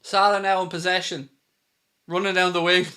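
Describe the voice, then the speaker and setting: Bright, high-voiced excited male watchalong host. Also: moderate pace. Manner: excitable, shouts at big moments, reads out super chats. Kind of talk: live match commentary and chat.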